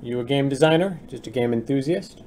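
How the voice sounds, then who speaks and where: A man's voice: medium pitch, a little fast, darkish tone, slight background noise. A young adult man streaming game development, chatting casually with viewers and muttering as he works, with faint keyboard typing. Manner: chatty, reads chat aloud and mutters while working. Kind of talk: casual live-stream chat while working.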